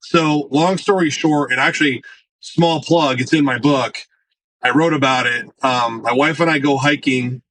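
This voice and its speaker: A man telling stories in a casual interview, animated, acting out the voices of people he quotes. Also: mid-range voice, a little hiss or hum, poor audio. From United States. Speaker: marketing executive guest.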